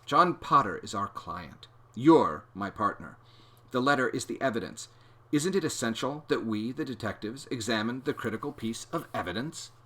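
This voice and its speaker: A man voicing a bold young girl detective who talks in a confident, bossy, steady way. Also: medium pitch, brisk, pitched above the performer's own voice, lightly acted.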